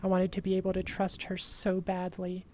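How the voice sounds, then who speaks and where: A woman's voice: lowish voice, completely flat delivery, warm tone, slight background noise. A woman streamer reading a creepy first-person horror story aloud, dramatic and at times whispering. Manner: slow, dramatic, dropping to whispers.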